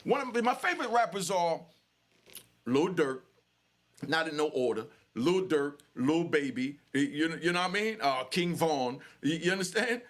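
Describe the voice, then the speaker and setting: An older man talks straight to the camera in a heated, emphatic way, repeating himself and packing his speech with fillers. His voice sits high for a man. He is worked up and angry. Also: animated, moderate pace. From New York. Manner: emphatic, repetitive street talk with many fillers. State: angry and sweating. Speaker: channel host. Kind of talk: heated direct-to-camera talk.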